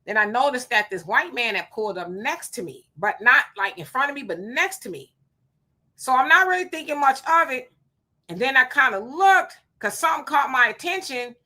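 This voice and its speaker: Woman, middle-aged, live-stream host, emphatic preachy storytelling, sweating from the heat, bright sharp voice. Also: sits high, moderate pace. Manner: animated storyteller, emphatic and preachy when warning. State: hot and sweating. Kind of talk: live-stream chat reading comments.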